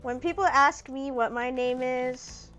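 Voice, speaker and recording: A woman's voice: high-pitched, a little slow, a bit bright, highs cut off, faint music behind. A woman streaming a dating sim, chatting playfully and reading the story text aloud with a lot of giggling. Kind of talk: casual gaming commentary, reading game text aloud.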